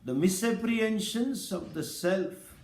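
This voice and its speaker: A man giving a scripture lecture as a spiritual teacher, speaking slowly and deliberately and explaining Sanskrit terms. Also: high voice, lively intonation, a little mellow, reverberant.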